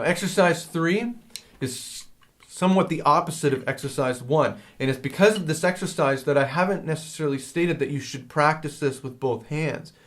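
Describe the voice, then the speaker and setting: A man's voice: medium pitch, a little hiss or hum. Man, drum teacher, casual lesson, hesitant, rambling, lots of fillers. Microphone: handheld field recorder.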